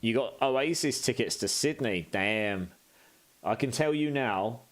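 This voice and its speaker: A British man streaming a game live, chatting casually as he reads out and answers viewer messages. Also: medium pitch.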